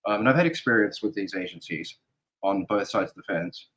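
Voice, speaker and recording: A man as an interview guest, speaking earnestly in halting fragments as he thinks aloud. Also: lowish voice, a bit bright, slightly rough, low-quality recording. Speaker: guest, security advisor. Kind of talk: casual interview talk.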